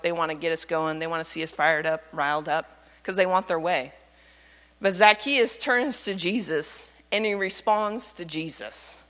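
A woman pastor preaching a sermon in a church, expressive and full of rhetorical questions. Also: lowish voice, big-room sound. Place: church sanctuary.

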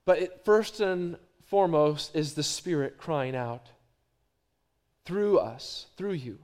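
Man, middle-aged, pastor, sermon, high voice, hushed to emphatic, repetitive phrasing. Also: slow.

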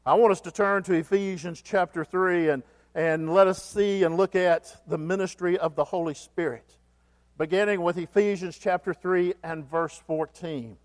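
A man's voice: high-pitched, fairly even intonation, moderate pace. A man preaching a sermon as pastor, asking the congregation questions and repeating key phrases for emphasis. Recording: long hall reverb.

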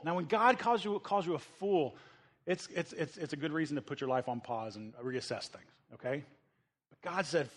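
A man from the United States delivers a sermon from the pulpit, animated and lively. He slips into the voices of the people in his story as he preaches. His voice sits fairly high for a man. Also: normal speed. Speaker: pastor.

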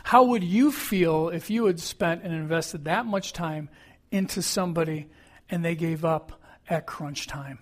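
Male pastor, conversational sermon delivery, relaxed storyteller, high-pitched. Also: measured pace.

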